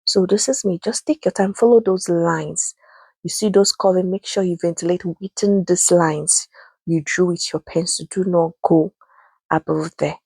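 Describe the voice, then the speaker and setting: A woman's voice: on the low side, fairly even intonation, normal speed, creaky, darkish tone, husky, dry recording. A young woman with a Nigerian English accent talking through a wig-making tutorial, patient and emphatic, repeating her instructions. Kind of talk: voice-over tutorial.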